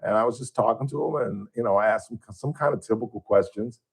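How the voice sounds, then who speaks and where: A middle-aged man with a low voice hosts a radio show, talking loosely and wandering from story to story. He speaks close to a studio microphone in an easy, conversational way. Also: fast, gravelly, husky. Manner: rambling storyteller, imitates voices in anecdotes. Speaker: radio host. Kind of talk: casual radio chat.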